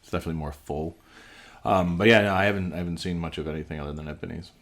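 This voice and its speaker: Man, very deep voice, podcast co-host, casual chat, rambling, lots of "like". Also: steady tone, racing, fairly bright tone. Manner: rambling, heavy on "like" and "you know".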